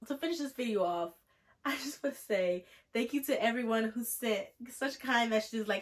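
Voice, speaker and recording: A woman's voice: medium pitch, fast, very noisy. A young woman vlogger telling a story in a chatty, sarcastic way, often mimicking the people she quotes. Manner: animated, sarcastic, jumps into mocking quoted voices. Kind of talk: storytime vlog.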